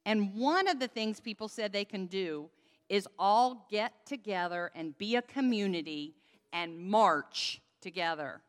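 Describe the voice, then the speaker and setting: A woman's voice: medium pitch, lively intonation, a little slow. A woman giving a children's sermon into a handheld microphone in a church sanctuary, leading the congregation in call-and-response. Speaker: pastor giving a children's message. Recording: long church reverb.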